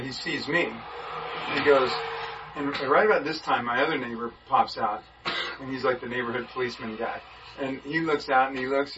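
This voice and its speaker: A man in a Bible study group telling a story with energy, acting out the voices of the people in it. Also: mid-range voice. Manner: lively, acts out the people in his story. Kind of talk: animated storytelling in a group discussion. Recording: muffled, from a distance, faint background hiss.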